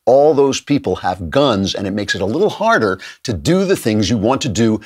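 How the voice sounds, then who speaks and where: A man's voice: lowish voice, big pitch swings, normal speed, breathy edge. A man hosting a political talk show, giving emphatic, sardonic opinion commentary into a studio mic. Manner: emphatic, sardonic, with occasional laughs.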